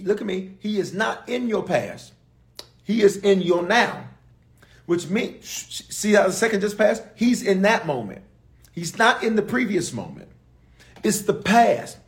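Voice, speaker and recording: Animated, gravelly man preaching. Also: a little high. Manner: animated preacher talking straight to viewers, repeating phrases for emphasis. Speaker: bishop preaching. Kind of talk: sermon. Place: livestreamed service, reading viewer comments.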